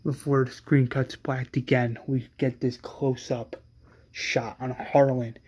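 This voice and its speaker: A man casually retelling an imagined episode as a fan, excitable and profane. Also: medium pitch, slow, slightly rough. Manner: excitable and profane, with many restarts. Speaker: fan storyteller.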